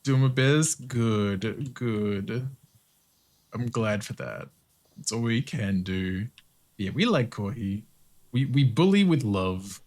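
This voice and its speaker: A man streaming a cleaning game, chatting casually with viewers and laughing often. His voice moves around a lot in pitch, and he drops a lot of casual swearing into his running commentary. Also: lively intonation, slow, darkish tone. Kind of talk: casual commentary while playing.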